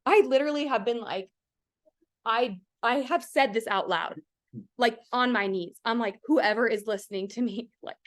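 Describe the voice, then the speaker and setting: Woman host, slightly high voice, motivational storyteller on a video call, heartfelt and chatty. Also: normal speed. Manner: emotional, earnest, heavy use of "like", addresses the audience directly. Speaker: team leader hosting a coaching call.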